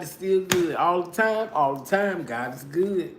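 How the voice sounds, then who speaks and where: A woman's voice: on the low side, normal speed, hardly any pauses. A middle-aged woman giving a casual tarot reading, blunt and profane, laughing often as she talks. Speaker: tarot reader. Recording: echoey room with faint noise.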